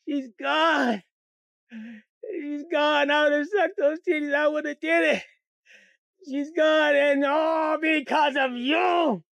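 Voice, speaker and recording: Brief: man as whiny greedy little boy, high voice. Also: no room sound. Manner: whiny, pleading, wailing. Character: greedy excitable 7-year-old boy begging for candy.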